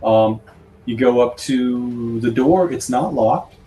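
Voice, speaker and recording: A man narrating as game master of a tabletop horror game, halting with many fillers. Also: medium pitch, dark tone, poor audio.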